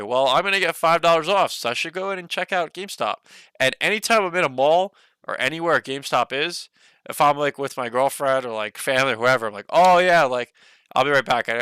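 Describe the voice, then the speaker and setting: A young man talking on a casual stock livestream, rambling on with plenty of fillers. His voice is bright and smooth, and it sits dry and close with no room sound. He is a little short of breath. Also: mid-range voice, no echo. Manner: rambling, loose talk full of "like" and "you know". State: a bit out of breath.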